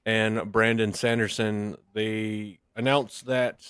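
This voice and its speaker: A young man co-hosting a casual podcast chat, mixing deadpan jokes with facts he reads out. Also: on the low side, slow pace, clear, resonant tone, no room sound, studio quality. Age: young adult. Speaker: podcast co-host.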